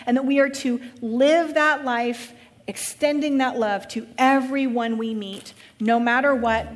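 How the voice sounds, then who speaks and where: High-voiced woman pastor in a reverberant hall. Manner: conversational, with wry humorous asides. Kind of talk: church vision talk. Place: church. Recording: long reverb of a large hall.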